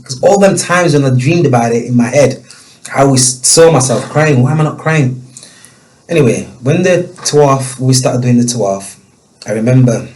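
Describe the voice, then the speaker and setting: A man telling a personal story as a guest, emotional and halting, with many restarts. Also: mid-range voice, a little mellow, poor audio.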